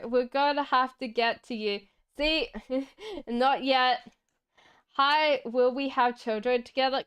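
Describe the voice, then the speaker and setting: A woman with a strikingly smooth, slightly high voice reads tarot cards on a casual live stream. She talks slowly and chattily, reassuring viewers and answering them straight from the chat. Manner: chatty and reassuring, laughs often. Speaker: tarot reader.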